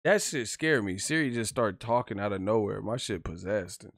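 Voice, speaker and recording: A man's voice: fairly low pitch, lively intonation, moderate pace, creaky, a bit bright, no room sound, clean studio sound. A young man giving casual, profane live-stream boxing commentary, joking and laughing loosely.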